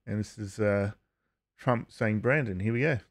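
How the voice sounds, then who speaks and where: A man giving casual vlog commentary, halting with frequent uhs and restarts and chuckling as he talks. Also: lowish voice, fairly even intonation. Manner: chuckles while talking. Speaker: YouTube commentator.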